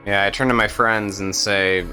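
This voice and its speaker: A man playing a tabletop role-playing game, unhurried and drawling. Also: lowish voice, fairly even intonation, bright, forceful tone, soft background music. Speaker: player. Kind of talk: tabletop game play, casual chat.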